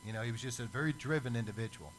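A man preaching a sermon as a lively storyteller who acts out the people in his stories. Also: mid-range voice, very fast, a little hiss or hum, poor audio.

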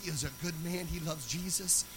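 High-voiced preacher, sung loud bursts. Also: male voice, a little fast, noisy background. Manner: swings from loud sung preaching to quiet storytelling. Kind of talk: storytelling sermon.

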